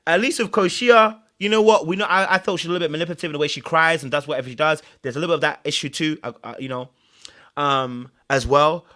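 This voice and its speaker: A man hosting a podcast, giving emphatic commentary on a reality show and acting out the people he quotes. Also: a little high. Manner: animated, emphatic, acts out quotes. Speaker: podcast host.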